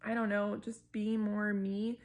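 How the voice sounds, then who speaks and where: Chatty young woman with a gravelly edge. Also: medium pitch, a little slow. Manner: chatty, animated, frequent fillers and laughter. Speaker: book vlogger. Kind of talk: casual chat to camera. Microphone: camera mic.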